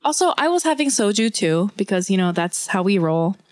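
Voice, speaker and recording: Woman on a podcast, chatty animated storyteller, dry close sound. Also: medium pitch, brisk, no room sound. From Korean family. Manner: animated storytelling with lots of "like" and laughter. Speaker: podcast co-host. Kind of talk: casual chat.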